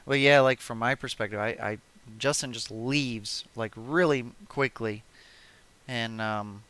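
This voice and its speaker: A young man hosting a podcast, chatting casually in halting talk with many fillers. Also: mid-range voice, a bit bright, clear, resonant tone, no room sound. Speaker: podcast host. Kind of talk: casual chat.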